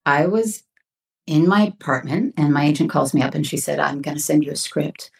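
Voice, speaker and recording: A woman guest in an interview, telling stories in a lively way and acting out the voices of people she quotes. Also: low-pitched, brisk, gravelly. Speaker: actress guest. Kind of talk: storytelling interview chat.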